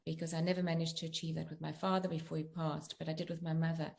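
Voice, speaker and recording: A middle-aged woman speaks in a low, gravelly voice with a gentle, earnest tone. She talks reflectively as an interview guest, working through her points with personal examples. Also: level tone, fast talker. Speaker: guest author and coach.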